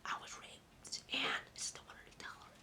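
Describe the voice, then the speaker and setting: A woman voicing a detached young woman in a flat, hushed whisper, as whispered role-play. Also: brisk.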